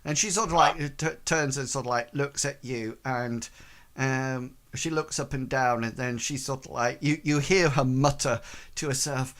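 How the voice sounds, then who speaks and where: A man narrating a tabletop game as game master, in a halting, hesitant way with many pauses and restarts. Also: medium pitch, steady tone, fairly bright tone.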